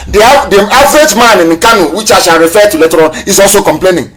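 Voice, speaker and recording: A man's voice: high voice, quick pace, few pauses, fairly bright tone. A man from Nigeria hosting a live political broadcast, speaking in impassioned, repetitive, scornful oratory. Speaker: broadcast host.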